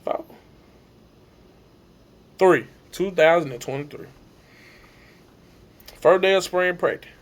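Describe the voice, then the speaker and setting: A young man telling an emotional personal story to his viewers, acting out the shouts and the voices of coaches along the way. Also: high voice, slow pace, pauses often. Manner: animated, acts out shouts and coaches' lines.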